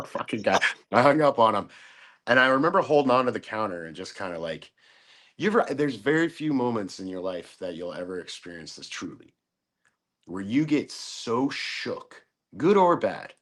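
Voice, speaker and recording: A man's voice: medium pitch, big pitch swings, moderate pace, a bit bright. A man as a podcast guest, casually telling a story, swearing freely and acting out other people's voices. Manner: profane, acts out quoted voices.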